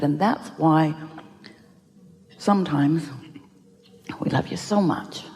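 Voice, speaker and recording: A woman giving an inspirational seminar talk, speaking as "we" with emphatic, drawn-out "oh"s and sighs. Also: on the low side, gravelly, dark tone, big-room sound. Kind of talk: live motivational seminar talk.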